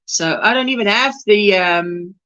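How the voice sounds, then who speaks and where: Slow, bright-voiced woman. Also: medium pitch. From South Africa. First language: Afrikaans. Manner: chatty, laughs often, greets viewers warmly. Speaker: livestream host. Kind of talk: casual livestream chat.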